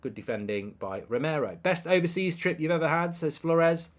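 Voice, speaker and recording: Guy doing live footy watchalong, slightly high voice, gets excited, reads out chat messages. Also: moderate pace. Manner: excitable, reads viewer messages aloud, repeats himself. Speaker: football watchalong host. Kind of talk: live match commentary and chat with viewers.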